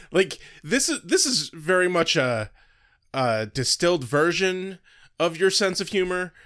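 Bright high-voiced man, quick to laugh. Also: very animated. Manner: laughs often while talking. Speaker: podcast co-host. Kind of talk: casual comedic banter.

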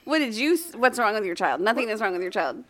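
A woman co-hosting a podcast in casual chat, giggly and playful, asking deadpan questions. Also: mid-range voice, quick pace, slight background noise. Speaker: podcast co-host.

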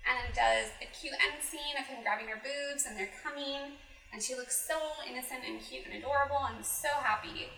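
A woman co-hosting a casual chat, giggly and animated as she recaps a story and acts out its lines. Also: high voice, fairly quick, gravelly, echoey room, distant mic, poor audio. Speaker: podcast co-host recapping an adult anime.

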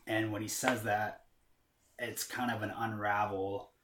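A man chatting casually with a lowish voice, rambling through his story with plenty of fillers and easy swearing. He sounds like he is in a roomy, echoey space. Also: little pitch movement, unhurried, background noise. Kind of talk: casual chat. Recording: roomy echo.

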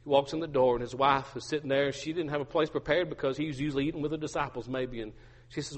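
A man's voice: mid-range voice, fairly even intonation, fast talker, in a large hall. A male pastor preaching a sermon, emphatic and repetitive, with humorous asides.

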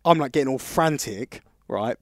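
Male podcast co-host, mid-pitched, rambling storyteller, dry close sound. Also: expressive, moderate pace, no room sound. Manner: rambling anecdotes with restarts. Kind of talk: casual storytelling chat.

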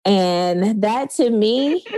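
A woman's voice: medium pitch, animated, very slow, warm tone, dry recording. A woman co-hosting a casual movie chat podcast, laughing often as she talks. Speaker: podcast co-host.

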